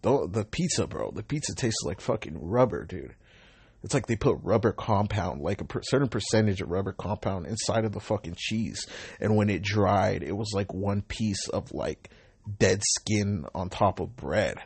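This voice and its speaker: Husky, low-voiced young man rambling profanely. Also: expressive, normal speed, darkish tone, dry recording. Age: 20s. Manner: slangy and profane, loose and rambling. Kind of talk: casual rambling monologue.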